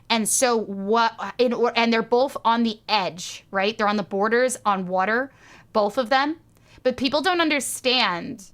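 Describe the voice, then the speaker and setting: Brief: young woman streamer from the New York area, high and bright, rambling and animated. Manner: rambling, animated, swears, laughs often. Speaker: vtuber streamer. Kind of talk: casual stream chat.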